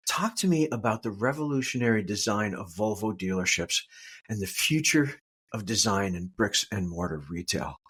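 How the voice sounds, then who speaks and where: Male podcast host, Eastern Canadian accent, slightly husky tone, friendly scripted intros. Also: fairly low pitch.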